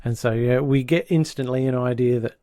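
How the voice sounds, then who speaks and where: Man, casual podcast recap, mid-pitched voice, dry close sound. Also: steady tone, dark tone, dry recording. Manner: acts out characters' lines in quick impressions. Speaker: podcast co-host. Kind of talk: casual chat recapping a sitcom episode.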